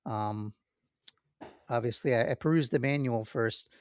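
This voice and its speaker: A man co-hosting a podcast, talking in a relaxed, rambling way, checking himself as he goes. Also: medium pitch, unhurried, smooth, no echo, clean studio sound. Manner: relaxed, rambling, many fillers and self-checks. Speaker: podcast co-host. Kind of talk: casual chat.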